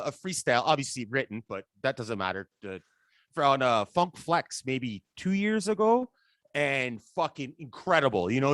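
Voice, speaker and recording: A man hosting a podcast, chatting casually, excitable and profane, often restarting his sentences. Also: on the high side, dry recording, clean studio sound. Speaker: podcast host.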